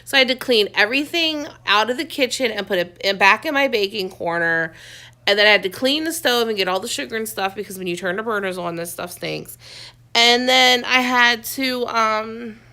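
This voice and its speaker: A woman's voice: mid-range voice, bright, forceful tone. A woman in her thirties chatting casually and venting, recorded at home in a dim room. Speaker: vlogger. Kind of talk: casual chat.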